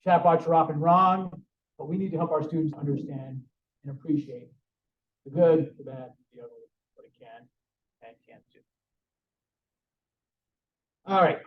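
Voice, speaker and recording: A man giving a conversational conference presentation with frequent restarts. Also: a little high. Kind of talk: conference talk. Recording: roomy, distant, dull sound.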